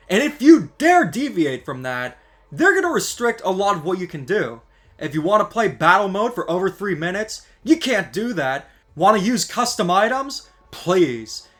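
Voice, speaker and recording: Gaming creator, male, high voice that swings widely, sarcastic exasperated rant delivery. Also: fairly bright tone. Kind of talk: scripted ranting commentary.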